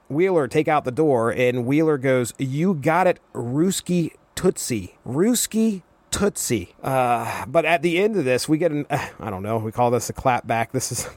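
A man's voice: medium pitch, no room sound. A man hosting a solo podcast, giving a chatty, wry comic book review with light laughs. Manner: chatty, wry, quotes characters in passing with little laughs. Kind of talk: casual solo commentary.

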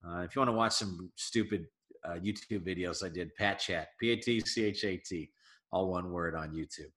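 A man, a comedian guest on a casual podcast interview, talking in an animated, emphatic way. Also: low voice, normal speed, roomy sound, a little hiss or hum. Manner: animated, emphatic advice-giving.

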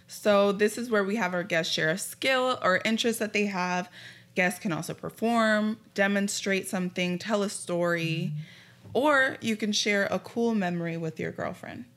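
A woman's voice: mid-range voice, moderate pace, a bit bright. A woman hosting a podcast who chats in an upbeat way and laughs easily. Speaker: podcast host.

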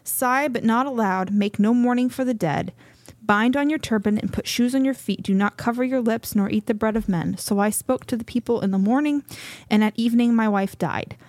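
A woman reads scripture aloud at a measured pace as co-host of a Bible study. She sounds slightly out of breath. The recording is dry and close, with no room sound. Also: a little high, no room sound. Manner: measured, steady scripture reading. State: a little out of breath.

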